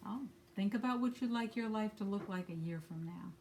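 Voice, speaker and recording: A woman's voice: medium pitch, brisk, darkish tone, slight background noise. A woman giving a spiritual angel-card reading at home, talking candidly and swearing now and then. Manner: candid, blunt, swears casually. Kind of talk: spiritual guidance talk. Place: at home with a dog nearby.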